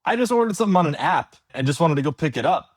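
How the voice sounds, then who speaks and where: A man's voice: on the high side, expressive, racing, dry recording. A man hosting a podcast, chatting and joking casually with his guest. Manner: joking, easygoing interviewer. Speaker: podcast host. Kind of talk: casual chat.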